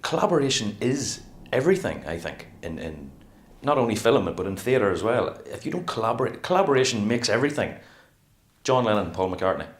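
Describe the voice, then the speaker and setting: In a casual interview, a middle-aged male actor with a low voice talks about his craft. He rambles briskly and with a lot of animation, slipping into little acted-out quotes, and the room around him is echoey.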